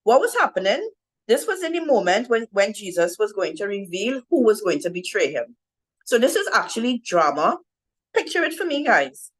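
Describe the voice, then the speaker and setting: A woman's voice: medium pitch, very animated, normal speed, breathy edge, low-quality recording. A woman giving an informal Bible teaching talk to women, keeps asking "right?" as she goes. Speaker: women's ministry speaker.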